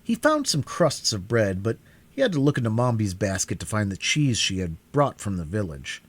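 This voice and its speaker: Expressive man reading a storybook. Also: lowish voice, moderate pace. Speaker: reader.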